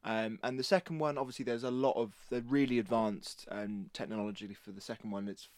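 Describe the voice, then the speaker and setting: Low-voiced man, rambling podcast chat. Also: steady tone, fast talker, no echo, studio quality. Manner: enthusiastic, rambling. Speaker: podcast co-host. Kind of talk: casual chat.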